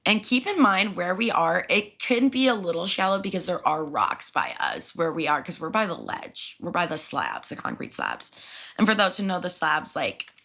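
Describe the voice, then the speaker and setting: Lively young woman podcast host. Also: on the low side, normal speed, gravelly. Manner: animated and expressive, swears freely. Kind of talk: casual storytelling.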